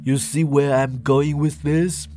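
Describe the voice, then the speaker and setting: A man voicing an eccentric male professor who is very pleased with himself and explains slowly. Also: fairly high pitch, level tone, mellow, natural voice. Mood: smug explaining.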